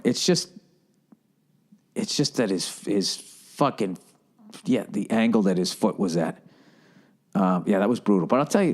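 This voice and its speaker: A man's voice: medium pitch, darkish tone. A man hosting a solo podcast in a rambling, profane monologue with sarcastic asides. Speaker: podcast host.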